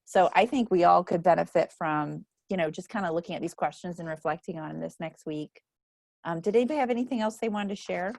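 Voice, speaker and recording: A woman's voice: lowish voice, a little fast, vocal fry, a little mellow, no echo, clean studio sound. A middle-aged woman leading a book club, chatting casually and laughing often as she tells stories. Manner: chatty, laughs often, acts out quoted voices. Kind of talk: casual group chat.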